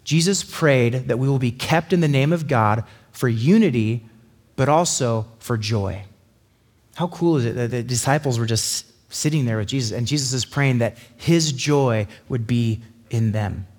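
Speaking in a mid-range voice, a man preaches casually and conversationally, chatty and animated throughout. Quick impressions of little voices pop up often to underline his points.

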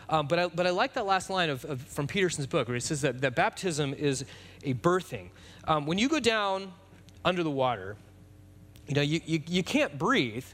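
A man preaching a sermon in a relaxed, conversational way, with fillers and restarts. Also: on the high side. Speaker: pastor.

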